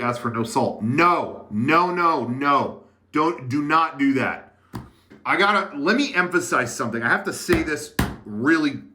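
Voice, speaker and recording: Bright-voiced chatty man streaming from his desk. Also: on the low side. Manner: rambling, chatty, with many fillers and restarts. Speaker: livestream host. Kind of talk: casual chat to a live chat. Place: editing room.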